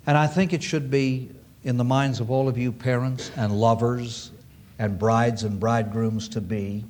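A man's voice: mid-range voice, fairly even intonation, a little slow, darkish tone. A man preaching a sermon to an audience, emphatic and repeating key phrases for weight.

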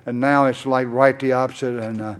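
A man's voice: medium pitch, flat delivery, a little fast. An older man tells his own recovery story from a conference stage. His talk is folksy and wandering, thick with "uh"s. He slips into the voices of the people he talks about. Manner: rambling, folksy, many "uh"s, acts out both sides of conversations. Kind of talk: personal testimony storytelling. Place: conference hall.

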